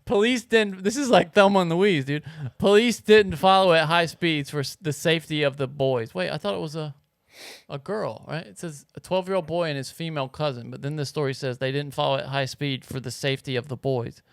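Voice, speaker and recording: Smooth-voiced casual podcast guy. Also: on the high side, brisk, no room sound, clean studio sound. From grew up on a farm. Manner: loose, swearing, reads news aloud. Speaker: podcast co-host. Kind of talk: casual chat.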